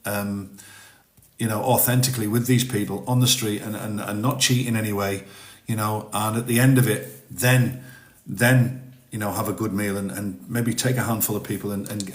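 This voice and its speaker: A chatty man with a mixed British accent, part Welsh, Manx and Teesside, rambling casually on a phone live stream from his home and answering viewer comments. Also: on the low side. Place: home in Spain. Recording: roomy echo.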